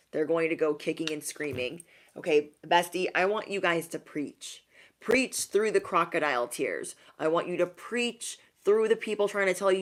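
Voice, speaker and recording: A woman giving a casual tarot reading to her viewers, sassy and emphatic, repeating lines for effect. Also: fairly bright tone. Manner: mocks others in high put-on voices. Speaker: tarot reader.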